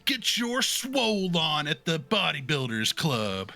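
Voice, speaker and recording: An excitable young dwarf woman who recruits for the gym club, put on by a man. Her pushy, upbeat voice sits high and bright, and it swings widely in pitch. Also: takes it slowly, creaky, exaggerated voice. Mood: hyped.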